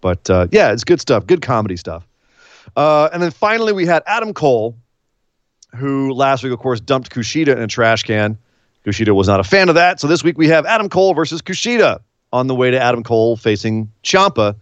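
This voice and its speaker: A man's voice: mid-range voice, sing-song, a little fast, no room sound, lo-fi sound. A man co-hosting a wrestling podcast, recapping the week's show in a casual, chatty way with little laughs.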